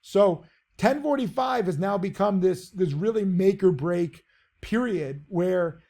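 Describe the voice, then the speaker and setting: Brash guy teaching trading in a casual video lesson, high voice with lots of gravel, kinda boastful. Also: expressive, unhurried, darkish tone.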